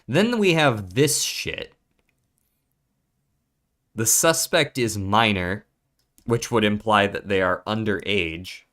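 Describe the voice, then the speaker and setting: A man's voice: fairly low pitch, lively intonation, takes it slowly, long pauses, a bit bright. A man streaming a puzzle game, thinking aloud in a casual, profane mutter as he works through clues.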